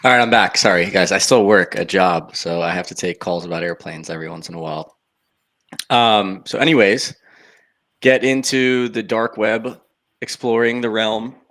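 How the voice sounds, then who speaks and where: A man's voice: on the low side, a bit bright. A man on a podcast casually telling how he got started, in loose, offhand, clipped sentences. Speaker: podcast guest. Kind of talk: casual storytelling chat.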